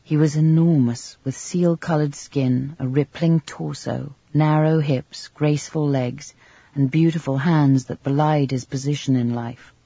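A man narrating a literary novel in a measured, even storytelling manner, on a slightly dull, dry recording. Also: a little high, creaky, breathy edge, no echo. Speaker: audiobook narrator.

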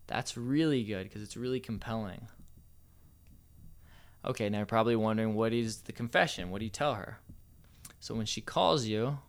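A man's voice: lowish voice, normal speed, pauses often, clear, resonant tone. A man giving casual, playful dating advice as a coach, with a slightly cocky manner.

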